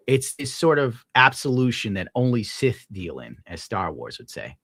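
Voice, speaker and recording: A very animated young man with a fairly low, fairly bright voice streams live at normal speed, reading viewer tips and ranting casually with plenty of swearing as he gets worked up. The sound is clean studio quality with no echo.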